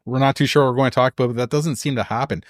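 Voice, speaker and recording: A man's voice: mid-range voice, fairly even intonation, racing, no echo, clean studio sound. Easygoing Canadian man co-hosting a podcast. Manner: easygoing, frequent agreeing murmurs. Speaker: podcast co-host. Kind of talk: casual chat. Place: local museum.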